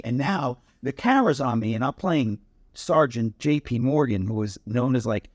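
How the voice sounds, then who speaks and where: Man panelist, lively raconteur, dry close sound, acts out voices. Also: normal speed, no room sound. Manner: lively storyteller, acts out quotes with sudden high pitch. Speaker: panelist actor. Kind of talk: animated storytelling on a panel. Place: stage panel in a museum hangar.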